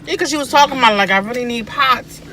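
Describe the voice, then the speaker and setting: A woman recounts family memories in a casual chat from inside a car. She is animated, often acting out what she and others said. Faint vehicle noise runs behind her. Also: fairly high pitch, fast. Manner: animated, acts out quoted speech. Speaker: guest, host's sister.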